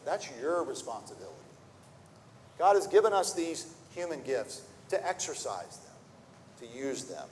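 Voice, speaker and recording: A man's voice: mid-range voice, very animated, normal speed, a little mellow, a little hiss or hum. A man preaching a sermon, earnest and full of rhetorical questions, often repeating words as he restarts a thought. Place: church sanctuary. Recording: long reverb of a church hall.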